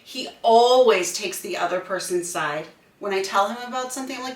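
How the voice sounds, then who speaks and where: A woman's voice: mid-range voice, a little fast, distant mic. A woman in her thirties co-hosting a podcast, telling stories in casual chat and acting out quoted lines. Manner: animated storyteller, acts out quoted voices. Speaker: podcast co-host. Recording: echoey room, off-mic.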